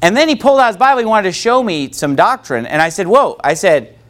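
High-voiced man preaching a sermon. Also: lively intonation, fast. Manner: preaching with call-and-response from the congregation. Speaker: pastor.

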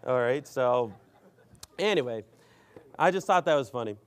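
A man's voice: medium pitch, lively intonation, moderate pace. A man preaching a sermon and telling a story, rambling and filling his speech with "you know".

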